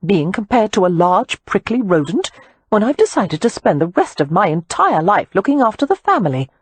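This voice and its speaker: A woman's voice: mid-range voice, sing-song, moderate pace, slightly rough, no room sound, voice pushed up. A woman voicing a responsible, protective eldest sister who speaks in a firm, take-charge way in an audiobook. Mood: indignant.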